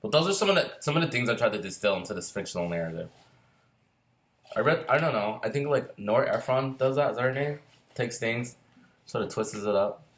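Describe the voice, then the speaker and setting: Middle-aged man, former Marine, rambles through casual stories. He swears freely and restarts his sentences often, and his pitch swings widely up and down. His voice sits at an ordinary middle height. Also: expressive, fairly quick, fairly bright tone. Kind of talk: casual storytelling chat.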